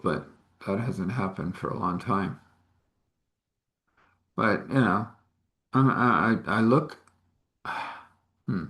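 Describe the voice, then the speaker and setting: Man narrator, lowish voice, halting improvised storytelling with acted-out dialogue, echoey room. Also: a bit bright. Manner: rambling, halting, acts out dialogue in shifting voices.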